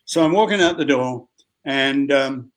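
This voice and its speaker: An older man with an Australian accent, telling a lively anecdote at a convention and acting out the voices of others. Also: medium pitch, a little slow. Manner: lively storyteller who acts out other people's voices. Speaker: actor telling a story. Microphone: video call.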